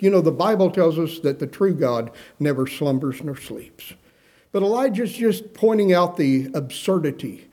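A male pastor delivering a sermon, his voice mellow and a little higher than most men's. He lifts his pitch suddenly for emphasis and slips in dry humor.

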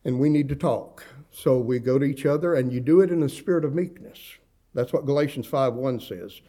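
A man's voice: mid-range voice, fairly quick, dark tone. A middle-aged man preaching a sermon in a folksy, conversational way, with humorous asides. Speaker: pastor.

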